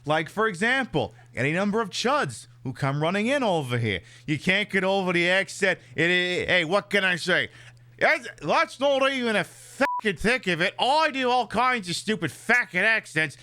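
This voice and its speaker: A man with a high, bright voice chats through a game stream. He swings his pitch widely and keeps a sarcastic, cursing edge throughout. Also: moderate pace. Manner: sarcastic, profane and animated. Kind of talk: casual live-stream chat.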